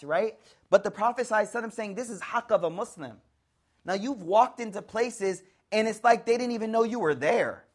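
An African American man from the United States giving a lively, conversational religious lecture, acting out voices to show tone. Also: high-pitched. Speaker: Islamic teacher.

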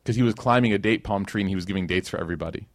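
Low-voiced man giving a casual sermon. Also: rapid-fire, no room sound, studio quality. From Chicago. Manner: conversational, storytelling with slang and acted quotes. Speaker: Islamic teacher.

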